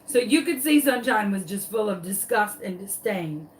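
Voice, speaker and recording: A woman, hosting a craft tutorial and telling a story to her viewers in a dramatic, animated, casual way. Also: mid-range voice, normal speed.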